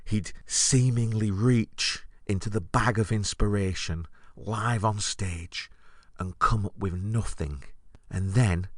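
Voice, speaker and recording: Wry deep-voiced man telling a story. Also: no echo, studio quality. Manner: wry, deadpan recollection. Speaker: podcast host. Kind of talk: comic storytelling monologue.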